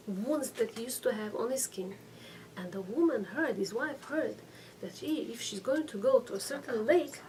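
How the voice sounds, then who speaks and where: A middle-aged woman giving a religious class, telling stories with acted-out quotes and checking in with her listeners. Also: a little high. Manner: storytelling with acted quotes, frequent restarts and "okay?" checks. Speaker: rabbanit giving a weekly class. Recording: distant mic with faint room noise.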